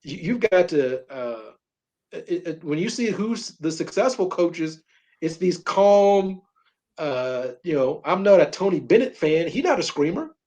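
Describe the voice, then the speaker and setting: A man's voice: fairly high pitch, sing-song, measured pace, darkish tone. A middle-aged man co-hosting a sports talk show, talking emphatically and repeating words when he gets fired up. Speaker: sports radio co-host.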